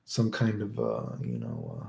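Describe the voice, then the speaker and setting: A man's voice: lowish voice, huge pitch swings, takes it slowly, creaky, warm tone, roomy sound. A man chatting casually on a stream, rambling and answering viewer questions, often tagging "right?" onto his sentences. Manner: rambling, keeps adding "right?".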